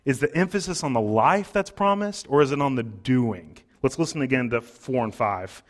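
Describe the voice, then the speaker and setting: A pastor delivering a Sunday sermon in a relaxed, conversational way. He talks at a middle pitch and stops to restart phrases and say "uh" as he thinks. The speech is plain and unscripted. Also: moderate pace, few pauses. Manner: conversational preaching with fillers and restarts.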